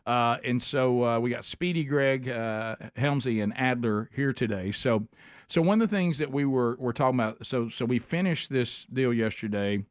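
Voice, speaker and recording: A man hosting a casual radio talk show from a studio, halting with many fillers and restarts. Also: mid-range voice, smooth, no echo. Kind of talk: casual morning radio chat. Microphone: studio microphone.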